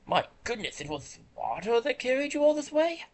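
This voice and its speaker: A streamer voicing a kindly old hot spring elder while reading game dialogue aloud, in a slow, gentle, old-fashioned manner. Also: mid-range voice, sing-song, pitched above the performer's own voice, close to an everyday voice.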